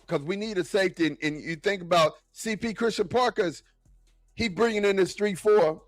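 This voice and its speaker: A man talking football in a casual, excitable, slangy way, often repeating himself. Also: on the high side, dry recording. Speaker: football podcast guest. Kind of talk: casual sports talk.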